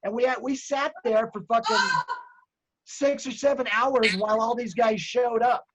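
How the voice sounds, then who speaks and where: A man's voice: very high voice, normal speed, background noise. A man telling a story in casual, profane group chat, acting out the people he quotes. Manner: profane, animated, acts out quoted voices.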